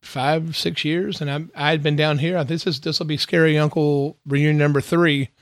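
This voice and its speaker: A man's voice: a little high, little pitch movement, normal speed, no echo, clean studio sound. A man from Louisville chatting casually on a podcast outdoors, telling stories with crude jokes. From Louisville, Kentucky. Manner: laid-back storyteller, crude jokes. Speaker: guest drummer.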